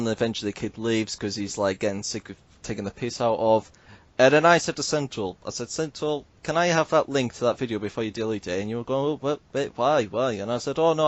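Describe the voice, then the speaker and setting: A man's voice: mid-range voice, no echo, muffled recording. Man telling a podcast story. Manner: animated, swearing, mimics others in quotes. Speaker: podcast host.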